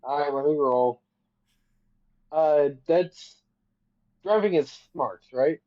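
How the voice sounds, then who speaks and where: Male player, dry humor, mid pitch, lo-fi dry sound. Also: slow, dry recording. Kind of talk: casual chat at a game table.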